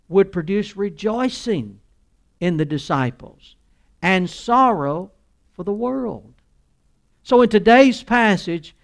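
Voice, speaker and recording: A male pastor preaching a sermon, reading scripture aloud and explaining it with earnest restarts. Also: sits high.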